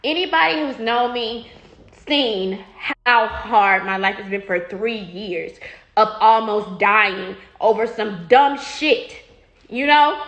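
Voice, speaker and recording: High-voiced woman, blunt and profane. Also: takes it slowly, a bit bright. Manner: blunt, profane, repeats herself when riled. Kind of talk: casual talk straight to followers. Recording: echoey room.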